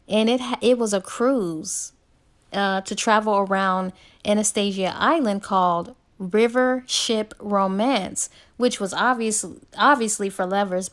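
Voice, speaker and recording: A woman casually retelling a novel's plot as a book reviewer, chatty and laid-back, full of ums and likes. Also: medium pitch.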